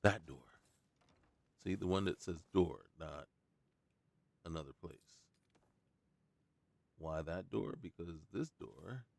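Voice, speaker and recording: A man's voice: sits low, slow pace, vocal fry, long pauses, a little mellow, dry recording. A man giving casual let's-play commentary, muttering to himself while looting and breaking into playful outbursts. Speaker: gaming YouTuber.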